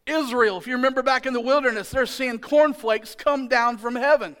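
High-voiced joking preacher man. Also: brisk, clean tone. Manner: animated, joking, playfully exasperated; builds to loud emphatic shouts. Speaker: pastor. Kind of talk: sermon.

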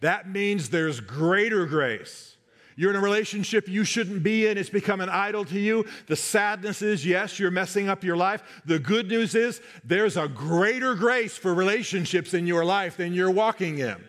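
A male pastor delivers a sermon in a fairly high voice. He is emphatic and drives his points home by repeating key phrases. His delivery stays direct and urgent. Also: moderate pace, hardly any pauses, a bit bright.

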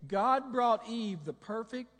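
A man preaching a sermon in a church, animated, joking and asking the congregation questions. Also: very high voice, slow, in a large hall. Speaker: pastor.

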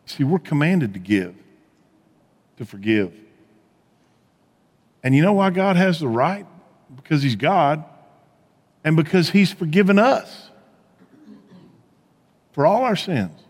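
A man preaching a sermon as pastor, telling stories in a conversational way and dropping to a hush on key points. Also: fairly high pitch, slow pace, pauses often, big-room sound. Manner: conversational storytelling preacher, swings from animated to hushed.

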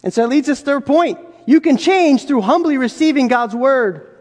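Pastor, male, very high voice, chatty sermon delivery full of rhetorical questions, long hall reverb. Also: lively intonation, moderate pace. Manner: conversational, rhetorical questions, acts out quoted voices.

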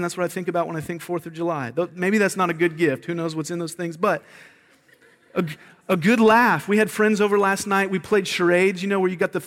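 A man preaching a sermon as pastor, earnest and emphatic, often repeating words as he makes a point. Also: sits high. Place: church sanctuary. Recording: long reverb of a large hall.

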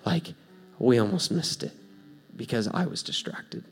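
A man preaching, telling a story in a casual, animated way, going from hushed to loud. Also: medium pitch, measured pace, husky. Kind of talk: sermon storytelling.

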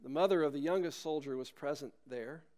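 A man's voice: a little high, a little fast, warm tone. A male pastor preaching a sermon, emphatic and asking the listeners rhetorical questions.

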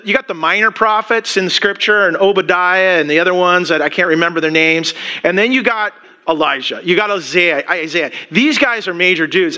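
Guy pastor giving a sermon, high voice, lots of restarts and side comments. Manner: animated, rambling with many restarts and asides.

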